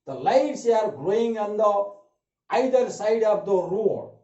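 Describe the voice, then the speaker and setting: A man teaching an English grammar lesson, repeating each example sentence slowly. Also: sits high, lively intonation, mellow. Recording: echoey room, dull lo-fi sound.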